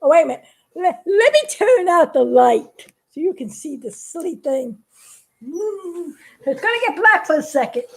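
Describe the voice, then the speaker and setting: A woman animator chatting casually with fans at home, excitable and laughing constantly. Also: extremely high pitch, moderate pace, vocal fry. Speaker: animator showing her work to fans. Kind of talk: casual home vlog chat. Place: her home, indoors.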